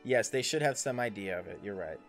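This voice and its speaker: A man's voice: lowish voice, lively intonation, brisk, soft background music. A man running a tabletop game as dungeon master on a livestream, coaching his players in an instructive way.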